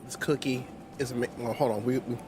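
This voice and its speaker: Over music, a man with a medium-pitched, brisk voice runs a casual gameplay livestream. Speaking into a streaming mic, he stays animated, laughs frequently, and keeps eating while he chats.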